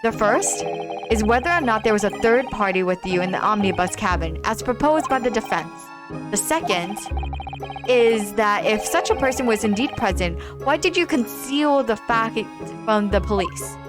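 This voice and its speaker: A woman voicing a stern male judge, speaking in formal, measured tones. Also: medium pitch, animated, music in the background, close to an everyday voice. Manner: formal, measured courtroom speech.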